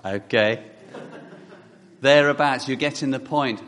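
A man preaches a sermon to a congregation, reading scripture aloud and putting direct questions to his listeners. His voice is on the high side, expressive, and measured in pace, with long hall reverb from the church.

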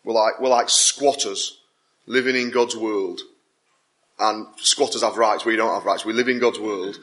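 A man's voice: on the low side, steady tone, measured pace, fairly bright tone. A man preaching a sermon, driving his points home with repeated phrases that build in intensity. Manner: emphatic, repetitive build-ups with rising intensity.

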